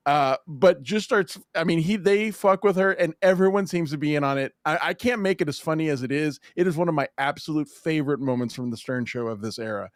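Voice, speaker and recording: A man hosting a podcast, telling a story in an animated, swearing, laughing style of casual chat. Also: a little high, a little fast, few pauses, dry recording, studio quality. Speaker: podcast host.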